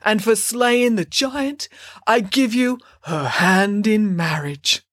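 A woman's voice: mid-range voice, slow, fairly bright tone, no room sound, clean studio sound. A woman voicing a pompous older male king who speaks formally. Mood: grand.

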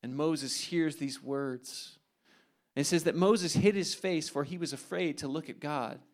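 Man preaching, retelling a bible story all dramatic w quiet hushed bits, voice a bit on the high side. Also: measured pace. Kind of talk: storytelling sermon.

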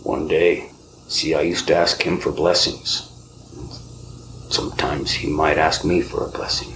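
A man hosting a podcast, telling spiritual stories softly, often dropping to a whisper. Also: a bass voice, little pitch movement, noisy background. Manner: slow, soft-spoken, often whispering. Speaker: podcast host. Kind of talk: spiritual storytelling.

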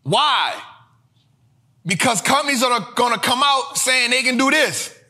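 A man with a high, bright voice that swings widely in pitch, teaching money lessons in a slangy street style. He drills each point home by repeating it and breaks into shouts. The delivery is animated and emphatic. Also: measured pace. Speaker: host.

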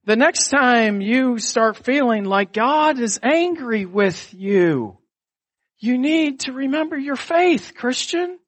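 A middle-aged man pastor delivering a sermon in an animated, conversational way, with asides to the congregation. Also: very high voice, slow pace.

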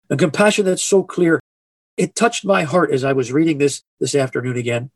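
A man preaching a sermon in an earnest, emphatic way, slowing down to stress key phrases. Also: fairly high pitch, creaky, slightly rough, dry recording.

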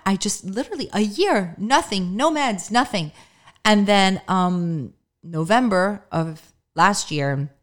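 With a low, clear, resonant voice, this middle-aged podcast host shares a personal monologue. She talks candidly and chattily, full of "like" and "um," and sometimes sounds near tears.

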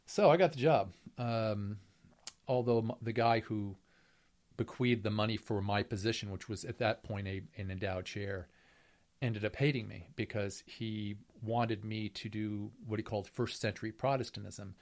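A man's voice: on the low side, steady tone, moderate pace, a little mellow. A middle-aged man, a professor being interviewed, telling a long story in a wry, rambling way, with many fillers and restarts. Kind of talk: storytelling conversation.

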